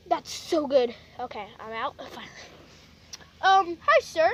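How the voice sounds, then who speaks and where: A woman narrating a pretend-play video to her viewers, excitable and chatty. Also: high voice, measured pace, slight background noise. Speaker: vlogger narrating toy play.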